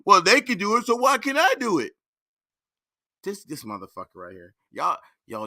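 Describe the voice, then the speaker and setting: A man's voice: high voice, wildly swooping pitch, moderate pace, bright, forceful tone, no echo. A man hosting a reaction show, giving blunt, mocking and heated commentary full of swearing. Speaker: reaction channel host.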